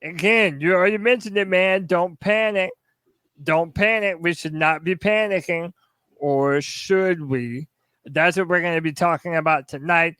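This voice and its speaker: A man co-hosting a sports podcast, hyped and energetic, rattling off shout-outs in casual chat. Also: sits high, unhurried, clear, resonant tone, dry recording. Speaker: podcast co-host.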